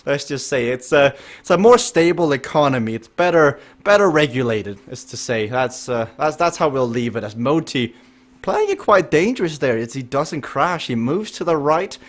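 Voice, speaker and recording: A man's voice: fairly high pitch, normal speed. Upbeat man calling a virtual race. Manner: lively, chatty, jokes with the chat. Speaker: race commentator and stream host. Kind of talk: live esports race commentary.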